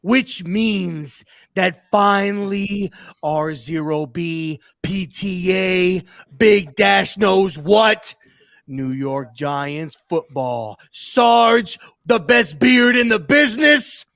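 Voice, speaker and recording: Gravelly high-voiced dude doing a big hype intro, super slow and stretched out, swoopy. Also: male voice, expressive, fairly bright tone, dry recording, clean studio sound. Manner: booming, drawn-out ringside-style announcing. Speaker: co-host.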